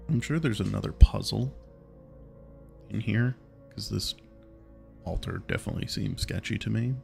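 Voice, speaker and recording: A man's voice: on the low side, normal speed, gravelly, mellow, faint music behind. A man giving casual gameplay commentary, thinking aloud and often muttering questions to himself. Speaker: let's play gamer.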